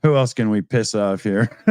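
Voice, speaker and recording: A man's voice: fairly low pitch, darkish tone, dry recording. A Canadian man co-hosting a casual online chat show, rambling and joking with frequent laughs. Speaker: podcast co-host.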